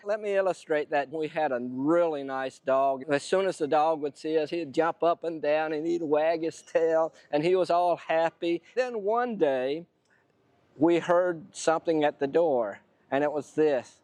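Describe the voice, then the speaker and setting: A preacher telling a story in a sermon, animating it by acting out the quotes. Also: male voice, fairly high pitch, measured pace, a little mellow, no room sound.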